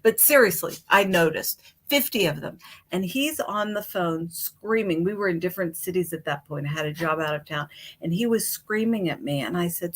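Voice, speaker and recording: A middle-aged woman telling her own recovery story from home, candid and animated, acting out what was said. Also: on the low side, normal speed. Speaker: guest speaker.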